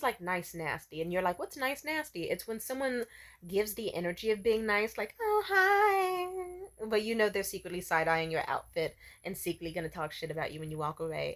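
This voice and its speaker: A woman telling a story in a casual rant, swearing freely and acting out what people said in raised voices. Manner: profane, exasperated, acts out quotes in high voices.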